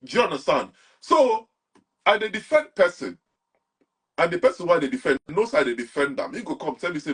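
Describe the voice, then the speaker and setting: Nigerian-accented young guy for a chat interview: husky, fairly high voice, animated, flips between Pidgin and English. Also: brisk. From Nigeria, Anambra. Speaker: guest. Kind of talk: casual interview talk.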